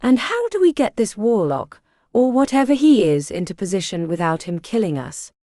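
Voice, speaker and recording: A woman's voice: medium pitch, very animated, normal speed, warm tone, no room sound, studio quality. A woman doing a sarcastic young male mage. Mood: sulky. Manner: sarcastic, scowling.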